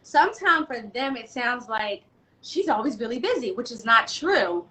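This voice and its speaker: A woman guest on a talk show, outspoken and animated, sharing her opinions. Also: a little high, normal speed, rough recording. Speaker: guest, doula and self-love specialist. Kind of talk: casual chat.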